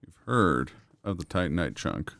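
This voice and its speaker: A man streaming a game and chatting loosely with a friend. His voice sits low and comes through smooth and clean. He rambles through stories and laughs often. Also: big pitch swings, normal speed, a bit bright, no echo. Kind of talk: casual gaming stream chat.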